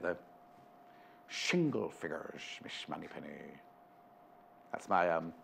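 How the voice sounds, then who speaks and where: A man presenting a live shopping show in a studio, chatty and rambling with jokey asides. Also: on the high side.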